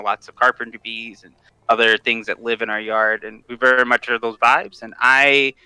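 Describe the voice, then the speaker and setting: Man, guest, very bright voice, crisp, dry recording, enthusiastic, stammers. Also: medium pitch, no room sound, poor audio. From Washington state, USA. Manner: enthusiastic, laughs often, stammering restarts. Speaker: guest, tabletop content creator. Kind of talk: casual interview chat.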